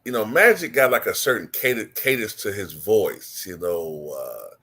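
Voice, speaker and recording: A man's voice: on the low side, lively intonation, measured pace, fairly bright tone. A man hosting a casual online stream, rambling and repeating himself. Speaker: online show host. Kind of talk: casual livestream talk.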